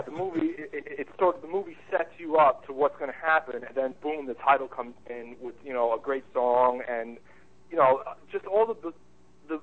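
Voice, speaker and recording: A man talks films with friends in casual chat, full of enthusiasm and stumbling over his words as he restarts sentences. The recording sounds a little dull and lo-fi. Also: medium pitch. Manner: enthusiastic, halting with many restarts. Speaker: podcast co-host, movie reviewer.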